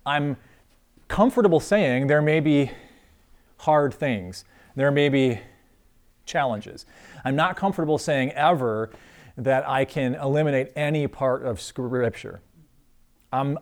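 A man leading an informal church group discussion, talking earnestly with many pauses and restarts, then closing in prayer. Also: mid-range voice, a little mellow.

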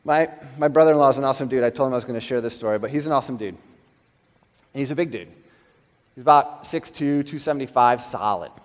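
Preacher in a big echoing hall. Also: male voice, medium pitch. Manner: animated storytelling, swings between loud emphasis and quiet, slowed lines. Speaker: pastor. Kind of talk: sermon.

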